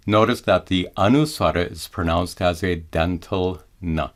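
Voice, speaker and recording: A man teaching Vedic pronunciation in a measured, scripted lesson, chanting his examples slowly and drawn out. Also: sits low. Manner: slow and deliberate, chants examples in drawn-out tones.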